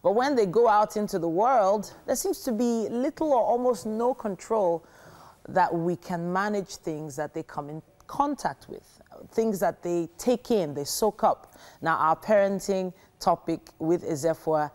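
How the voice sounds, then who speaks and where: A woman co-hosting a studio morning show, chatty and quick to laugh. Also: medium pitch, animated. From Nigeria. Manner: warm, laughs often, chatty. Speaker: breakfast show co-host. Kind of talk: studio talk show chat.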